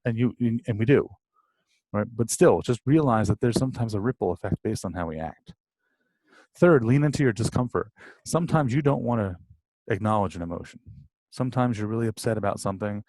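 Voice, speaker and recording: Guy teaching a college class, lowish voice, dry close sound, lots of rhetorical questions. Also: darkish tone, no room sound. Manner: conversational, rhetorical questions, acts out inner voices. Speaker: college instructor. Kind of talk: recorded lecture.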